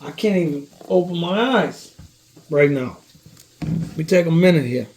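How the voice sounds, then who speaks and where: A man's voice: on the high side, lively intonation, a little slow, a little mellow. A man hosting a home cooking show, talking loosely to viewers with jokes and cussing while his eyes water from onions. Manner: loose, joking and profane, talks to viewers. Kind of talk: casual cooking chat. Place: home kitchen. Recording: echoey room, from far off.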